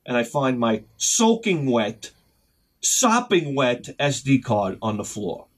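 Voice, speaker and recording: A retro game channel host with a mid-range voice speaks slowly as he rambles through a story on his casual vlog. He's an animated storyteller, suddenly acting out both sides of conversations in sharp bursts.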